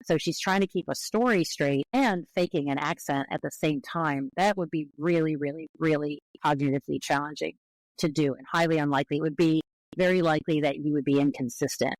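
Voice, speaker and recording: An American woman linguist, a podcast guest, explaining patiently and carefully with clear qualifications. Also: low-pitched, fairly quick, dry recording, low-quality recording. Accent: American English.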